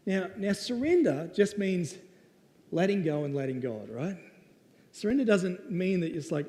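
Aussie guy preaching casual, kinda high mellow voice, keeps saying right. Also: very animated, unhurried. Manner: conversational and playful, with lots of "right?". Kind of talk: casual storytelling sermon. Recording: long reverb of a hall.

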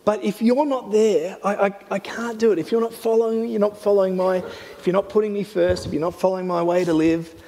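A man's voice: sits high, steady tone, a little fast, vocal fry, mellow, in a large hall, voice pushed up. A man voicing God in his sermon, a loving, just male God begging his people to return. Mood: pleading. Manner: begging, tender.

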